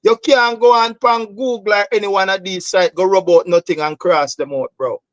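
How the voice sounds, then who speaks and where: A man's voice: high voice, fairly even intonation, normal speed, a bit bright, no room sound, dull audio. A Jamaican man hosting a political talk show, speaking passionately and emphatically in patois-laced English, often calling listeners "bro.". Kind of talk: heated political commentary.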